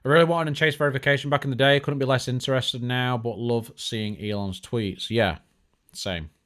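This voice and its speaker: A man's voice: mid-range voice, moderate pace, a bit bright. A man hosting a casual tech live stream, chatty and joking, with lots of fillers and restarts. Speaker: tech show host.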